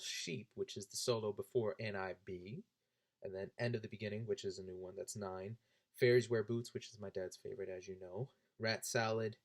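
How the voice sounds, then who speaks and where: A young man telling a story to the camera with a lively voice that swings widely in pitch. His delivery is casual and animated, and it leaps up high whenever he gets excited. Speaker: vlogger.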